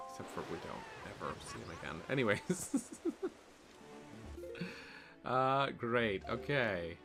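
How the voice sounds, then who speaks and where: A man's voice: medium pitch, expressive, slow pace, creaky, pauses often, over music. A man streaming a video game, chatting casually with viewers and joking along.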